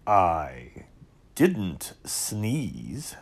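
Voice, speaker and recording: A man's voice: deep voice, wildly swooping pitch, drawn-out words, creaky, husky, pitched below the performer's own voice, exaggerated voice. A man voicing a pompous, long-winded owl in a storybook reading, fond of long words. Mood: lecturing.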